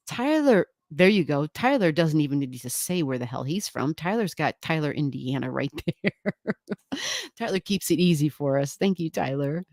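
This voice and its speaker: A woman with a deep, creaky voice runs a casual astrology livestream, greeting viewers, reading their comments, and rambling along with plenty of laughter and some light swearing. The recording is dry and clean, studio sound.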